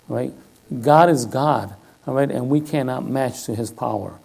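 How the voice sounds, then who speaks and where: A man's voice: mid-range voice, moderate pace, gravelly, a little mellow, breathy edge. An older man giving a sermon in a conversational style, often checking in with "all right?". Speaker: lay preacher.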